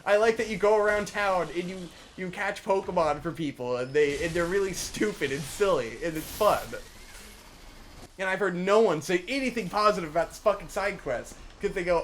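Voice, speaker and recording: A young man co-hosting a let's play, giving casual gameplay commentary in a profane, ranting way that swings from mumbling to shouting. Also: sits high, normal speed, a little hiss or hum.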